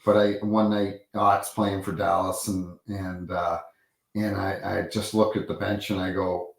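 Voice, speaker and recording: A man's voice: low-pitched, flat delivery, unhurried, gravelly, echoey room, low-quality recording. A man, a former referee, telling rambling anecdotes with many restarts and acted-out quotes in a casual interview.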